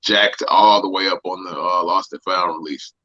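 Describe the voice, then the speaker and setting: A man's voice: deep voice, fairly even intonation, moderate pace, sharp tone. Laid-back man on a dull remote feed. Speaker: co-host. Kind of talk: casual chat.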